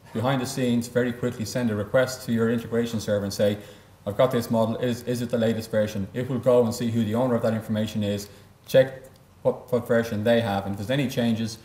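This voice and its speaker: Low-voiced man presenting in echoey room. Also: darkish tone. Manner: explanatory, often repeats words mid-sentence. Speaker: software company presenter. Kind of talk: conference presentation. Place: conference room.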